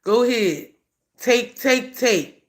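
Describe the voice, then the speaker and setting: A woman's voice: fairly high pitch, animated, slow. Blunt, foul-mouthed woman livestreaming. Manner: blunt and profane, swinging from scorn to grief. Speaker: livestreamer, grieving mother. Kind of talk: casual livestream talk to viewers.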